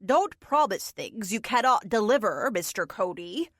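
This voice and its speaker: A woman's voice: mid-range voice, sing-song, measured pace, fairly bright tone, no echo. A woman voicing an aloof male wizard who speaks in a dry, formal, bored way.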